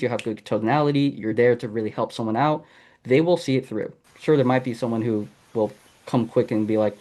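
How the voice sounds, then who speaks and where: A man runs a live online class over a video call. He talks in a loose, encouraging way and fills the gaps with ums. His voice sits at an ordinary middle pitch. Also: darkish tone. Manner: casual and encouraging, with frequent ums. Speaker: masterclass host and sales coach. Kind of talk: live online teaching session.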